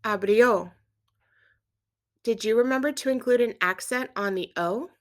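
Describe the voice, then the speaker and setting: A woman teaching a Spanish grammar lesson, patiently explaining verb endings and quizzing the listener in a clear, steady way. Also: fairly high pitch, unhurried. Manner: clear, patient instruction with quiz prompts. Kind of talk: scripted language lesson.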